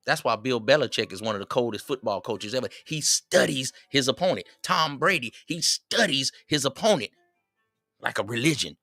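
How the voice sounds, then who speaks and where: A middle-aged man, hosting a livestream and giving preachy, animated advice to his viewers. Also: medium pitch, normal speed, no room sound, faint music behind. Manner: preachy, animated, quotes others in raised voices. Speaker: livestream host. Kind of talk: casual advice talk to viewers.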